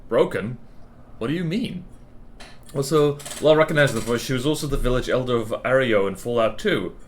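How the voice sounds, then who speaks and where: A man's voice: medium pitch, brisk, slight background noise. A man streaming a video game, reading its text aloud and joking in casual commentary. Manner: jokey, reads game text aloud between quips.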